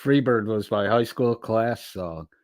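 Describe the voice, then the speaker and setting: A middle-aged man talks slowly and lazily, in a fairly low voice, as he hosts a casual livestream. He reads chat aloud and answers it with loose, profane banter. The sound is dry and close, with no room echo. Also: darkish tone. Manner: slow, drawling, profane banter. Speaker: livestream host reading chat.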